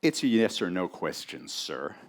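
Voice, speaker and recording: A man's voice: sits low, sing-song, unhurried, exaggerated voice. A man reading the lines of a suspicious woman pharmacy clerk in a story, with terse, clipped questions. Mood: curt.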